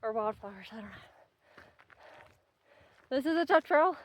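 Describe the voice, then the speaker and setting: A woman's voice: a little high, lively intonation, moderate pace. A young woman narrating her hiking vlog outdoors on a mountain trail, chatting upbeat to viewers and her dog. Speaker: vlogger.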